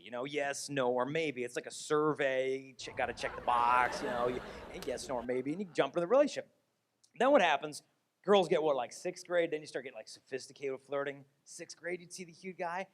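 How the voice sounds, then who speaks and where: A man giving a lively talk to a young audience, acting out the voices of teenagers. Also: a little high, a little fast, noisy background. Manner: animated, acts out voices of teens. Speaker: speaker on chastity.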